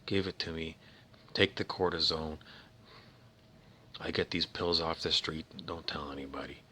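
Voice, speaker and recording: A battered male football player, defiant and in pain, as a man acts him out. His voice is low and forceful, strained and pleading, and it sometimes sinks to a hushed whisper. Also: fairly even intonation, unhurried, a little hiss or hum, exaggerated voice.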